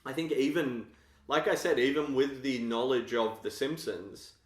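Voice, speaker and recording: A man's voice: mid-range voice, normal speed. A man co-hosting a film podcast, talking casually and thoughtfully about filmmaking. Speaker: podcast co-host. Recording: roomy echo.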